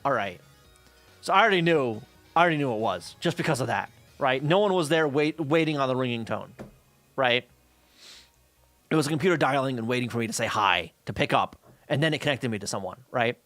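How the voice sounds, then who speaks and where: A lively young man chats on a stream, his voice swinging high and low as he acts out the people in his story. His tone is bright and sharp, he swears freely, and faint music plays behind him. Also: a little fast. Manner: animated, profane, acts out quoted voices. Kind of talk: casual storytelling chat.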